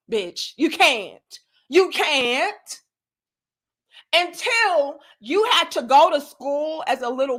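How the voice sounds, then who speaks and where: Young woman, high-pitched, bright voice, blunt and profane live-stream rant. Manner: blunt, profane, emphatic, addresses viewers directly.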